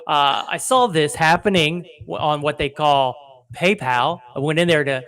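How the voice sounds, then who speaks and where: A man's voice: fairly high pitch, unhurried, fairly bright tone. Rambling self-deprecating comedy podcast man. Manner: self-deprecating, rambling, acts out voices in anecdotes. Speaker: podcast co-host.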